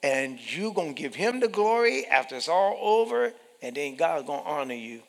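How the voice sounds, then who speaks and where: Animated gravelly preacher man in a reverberant hall. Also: on the high side, moderate pace. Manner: animated, emphatic, acts out quoted voices, repeats phrases. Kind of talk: sermon.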